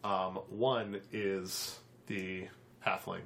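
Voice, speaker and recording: A man running a tabletop game as game master, narrating in a halting way with many fillers. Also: deep voice, level tone, vocal fry, a bit bright.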